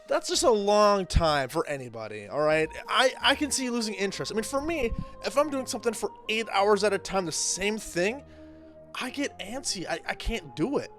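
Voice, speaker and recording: A man's voice: high-pitched, sing-song, moderate pace, a bit bright, faint music behind. A man hosting and commenting on role-play stories in casual, emphatic talk, repeating himself for effect.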